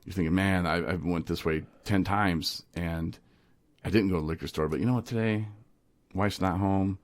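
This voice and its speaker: A man with a very low, deep voice hosts a casual podcast. He tells stories in an animated, lively way, laughs often and slips into other voices as he goes. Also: normal speed. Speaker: podcast host. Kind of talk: casual recovery podcast chat.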